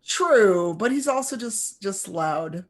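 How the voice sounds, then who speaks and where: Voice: medium pitch, lively intonation, takes it slowly. A game master narrating a tabletop game in a rambling way, full of fillers and restarts.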